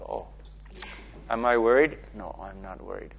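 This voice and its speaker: A man's voice: fairly low pitch, a little slow, creaky, lo-fi sound, a little hiss or hum. A man, a spiritual teacher, giving a playful, repetitive talk to listeners, often checking in with "okay?".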